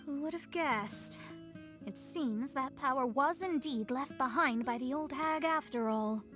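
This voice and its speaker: Tiny game companion, very high voice, bouncy, indignant, background music. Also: female voice, measured pace, fairly bright tone. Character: tiny floating female companion, childlike, excitable. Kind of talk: game voice acting. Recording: game audio with music behind.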